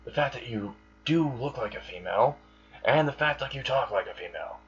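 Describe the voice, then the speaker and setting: A man's voice: mid-range voice, animated, fairly quick, fairly bright tone, breathy edge, muffled recording, soft background music. A man voicing a crude male street thug with two swords, mocking and taunting in a casual storyteller's way.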